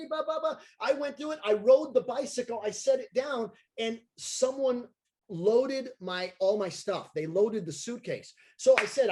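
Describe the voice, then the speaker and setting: A man, a circus clown and daredevil, telling an animated story on a video call and acting out the voices of the people in it. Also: extremely high pitch. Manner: excitable, acts out voices of people in his stories.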